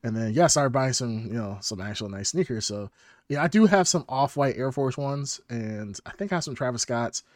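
A man in mid-range pitch spins animated anecdotes on a livestreamed podcast, laughing often and swearing freely. The sound is dry and close, with no room around it. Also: a little fast, dry recording. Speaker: podcast host. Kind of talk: casual storytelling chat.

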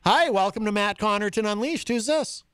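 A man hosting a casual call-in radio show, talking haltingly with many fillers and amused laughs. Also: high voice, animated, fairly bright tone, smooth, dry recording, studio quality. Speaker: radio host.

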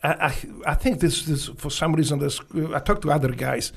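Gravelly Polish-accented man telling war stories. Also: a little high. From Poland. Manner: blunt, profane, halting with restarts and broken English. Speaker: guest, former Navy SEAL. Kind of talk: casual storytelling interview.

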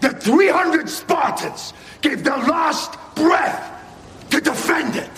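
A man's voice: extremely high pitch, expressive, slow, long reverb tail, heavy background noise, heavily acted. An actor playing a defiant warrior king who rallies his army with commanding battle cries, in a movie clip. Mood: defiant rallying. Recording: movie clip with music under it.

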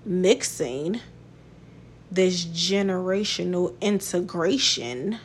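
A woman's voice: on the low side, animated, slow pace, slight background noise. A woman hosting a podcast in a casual monologue, talking bluntly, swearing and laughing often. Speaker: podcast host.

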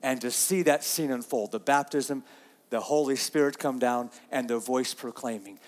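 A man's voice: medium pitch, moderate pace, in a large hall. A man preaching a sermon, earnest and repeating himself, reading scripture aloud. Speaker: pastor.

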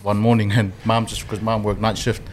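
A man's voice: fairly low pitch, little pitch movement, fairly quick, slight background noise. Casual rambling New man. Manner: rambling storyteller with many fillers. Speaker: podcast co-host. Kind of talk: casual storytelling chat.

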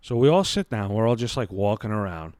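A man's voice: fairly low pitch, big pitch swings, brisk, darkish tone, dry recording. A man in his thirties hosting a podcast, telling a story in a casual, rambling, self-mocking way full of swearing. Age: 30s. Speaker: podcast host. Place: lying on his bed at home.

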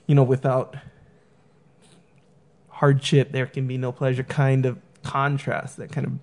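A man talking through a relaxed conversation, full of "you know" and "like," wandering from point to point. His pitch sits in the everyday middle range, and he slips into quick voices for the people he quotes. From San Diego area. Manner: rambling, many fillers, acts out quoted people. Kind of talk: casual conversation.

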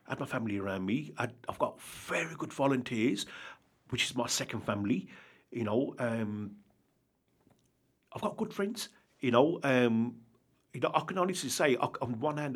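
A man's voice: medium pitch, fairly bright tone, breathy edge. A man who runs a charity, earnestly telling his own story in an interview, rambling and often checking he is understood. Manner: earnest, rambling, keeps asking "do you understand?". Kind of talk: candid personal account in an interview.

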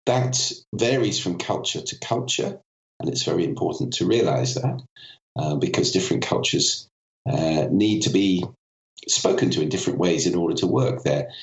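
Very deep-voiced man with a cold. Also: normal speed, reverberant, highs cut off. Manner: articulate, demonstrates vocal effects as he explains. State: has a cold. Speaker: podcast guest, voice and communication expert. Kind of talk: explanatory interview talk.

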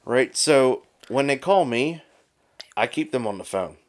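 A man in an easygoing group chat, telling a long story with plenty of swearing and energy. His voice sits in an ordinary mid-range pitch. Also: unhurried. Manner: animated storyteller, swears freely. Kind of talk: casual chat.

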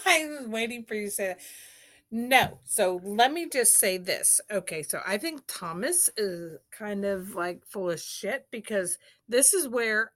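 A woman's voice: mid-range voice, animated, a little slow, fairly bright tone. A woman co-hosting a podcast, talking bluntly and emphatically in a casual reality-TV recap chat, swearing freely. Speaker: podcast co-host.

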